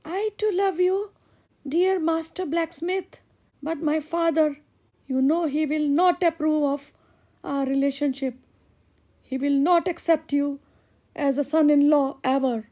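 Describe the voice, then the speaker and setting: A woman voicing a sweet, eager young daughter, speaking in a high pleading voice. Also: fairly even intonation, a little slow, warm tone.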